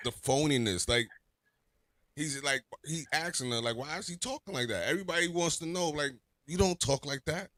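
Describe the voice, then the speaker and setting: A man's voice: a little high, a bit bright, no echo. A man co-hosting a livestream, talking casually in slang and often backing up his partner. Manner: slangy, quick to agree and laugh. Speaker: livestream co-host. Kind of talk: casual commentary chat.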